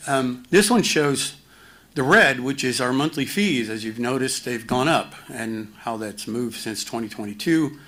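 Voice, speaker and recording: A man presenting finance slides at a community town hall, halting with many fillers and restarts and a dry, self-mocking humor. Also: medium pitch, fairly bright tone.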